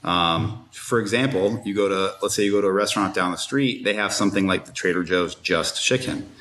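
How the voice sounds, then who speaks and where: A man with a low voice talks in a relaxed, practical way as a podcast guest. The room gives his voice a roomy echo. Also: fairly quick. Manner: relaxed, practical, many fillers. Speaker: strength coach, guest. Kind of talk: casual interview chat.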